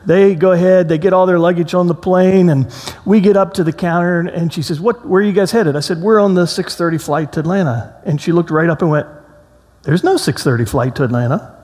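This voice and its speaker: A man preaching a sermon as a pastor, telling a story with lively acted-out quotes before slowing into reflective reading. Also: sits high. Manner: storytelling, animated, acts out quotes in a raised voice. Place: church sanctuary. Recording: long hall reverb.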